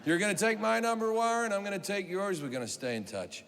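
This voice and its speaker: A man putting on a slick male showbiz manager who talks in a low, smooth, confident way. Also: expressive, quick pace, a bit bright, long reverb tail, full character voice.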